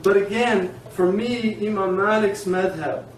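This teacher of Islamic law has a high voice and an unhurried pace, teaching informally with lots of energy, drifting into digressions and laughing often. A distant mic records him in an echoing room with faint hiss in the background.

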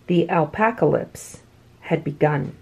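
A woman reading a children's picture book aloud with expressive, swooping delivery. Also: deep voice, a little slow, creaky, husky, muffled recording. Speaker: children's story reader.

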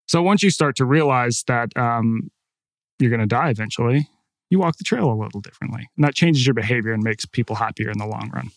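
A man in a casual, animated conversation, guest on a podcast, spinning an anecdote with frequent "like" and "right?" tags. His voice sits at an ordinary middle pitch and is recorded close and dry, with no room sound. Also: brisk, vocal fry, dry recording. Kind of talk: conversational storytelling.

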